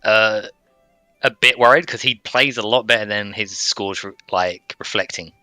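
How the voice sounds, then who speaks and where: Low, bright-voiced guest team manager. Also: male voice, normal speed, dry recording, soft background music. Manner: hesitant, restarts, explains carefully. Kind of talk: casual chat.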